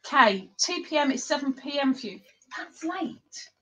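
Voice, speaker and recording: A woman's voice: sits high, lively intonation, normal speed, over a noisy crowd, rough recording. A woman hosting a casual livestream, chatting and giggling in a rambling, teasing way. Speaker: livestream host.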